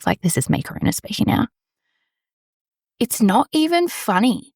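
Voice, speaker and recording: A woman's voice: low-pitched, very animated, brisk, gravelly, dry recording, studio quality. A woman, talking candidly and rambling on her solo podcast from a small storage room. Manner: candid, rambling, swears casually. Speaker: podcast host. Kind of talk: casual solo podcast monologue.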